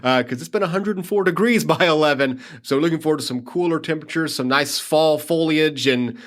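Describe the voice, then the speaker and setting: A man's voice: on the high side, fairly quick, a bit bright. A man who works as a city tourism manager, talking upbeat through upcoming events on a podcast. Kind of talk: casual interview talk.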